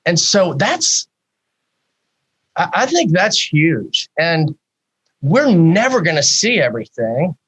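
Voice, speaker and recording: A man in his fifties, a psychologist guest in a podcast interview, talking in a candid, animated way with many rhetorical questions. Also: on the high side, takes it slowly, long pauses, slightly rough, low-quality recording.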